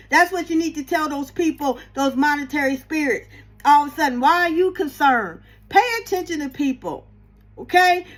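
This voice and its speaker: A woman spiritual reader giving a blunt, sassy motivational tarot message, swearing freely and calling listeners baby and y'all. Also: high voice.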